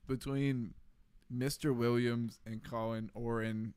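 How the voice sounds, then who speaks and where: A man hosting a casual livestream who keeps laughing and reads viewer chat out loud. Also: medium pitch, steady tone, takes it slowly, long pauses, clean tone. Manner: laughing often, reading chat aloud. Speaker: livestream host.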